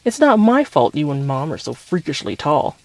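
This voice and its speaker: A man's voice: on the high side, very animated, moderate pace, no room sound. Man voicing a spirited teenage girl. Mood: protesting.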